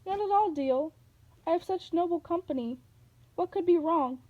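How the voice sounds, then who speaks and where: A woman's voice: extremely high pitch, moderate pace, highs cut off, pitched above the performer's own voice. A woman voicing Medusa, a scheming female monster posing as a sweet old lady, with a coaxing, purring manner. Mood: sweetly coaxing.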